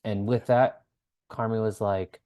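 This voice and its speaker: A man's voice: fairly low pitch, a little slow. A man co-hosting a podcast, chatting casually in a loose, storytelling way with plenty of "like". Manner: animated, loose storytelling with lots of "like". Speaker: podcast co-host. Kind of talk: casual TV recap chat.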